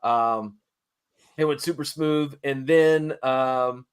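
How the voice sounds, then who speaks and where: A middle-aged man sits in as an interview guest and tells an anecdote at an easy, conversational pace. His voice sits at an ordinary mid pitch, and he slips into the voices of the people in his story. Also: slow pace, clear, resonant tone. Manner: animated storyteller, acts out quoted dialogue. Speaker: interview guest, wrestling manager. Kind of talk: casual anecdote telling.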